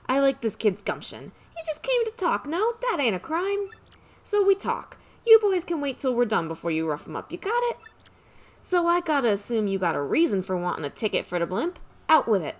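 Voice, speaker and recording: A woman voicing a gruff, commanding male mob boss in a put-on mobster accent, reading game dialogue aloud. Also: on the high side, very animated, normal speed. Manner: put-on mobster accent, tough-guy slang.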